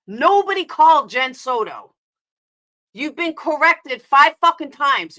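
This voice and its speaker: A high, bright woman's voice with a New York accent, heated and confrontational as she rants on a live stream. She swears hard and fires back at people in her chat, one retort after another. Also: big pitch swings, slow. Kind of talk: angry live-stream rant.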